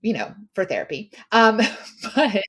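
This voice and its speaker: A middle-aged woman hosting a podcast, telling a personal story in a chatty, animated way with lots of filler words. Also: medium pitch, a little slow, slightly rough. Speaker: podcast host; mother of daughters. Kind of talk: casual storytelling chat.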